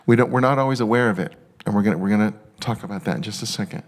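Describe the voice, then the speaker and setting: Excitable halting male pastor, lowish voice. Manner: excitable, halting, many restarts; tender and emotional at times. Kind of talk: sermon.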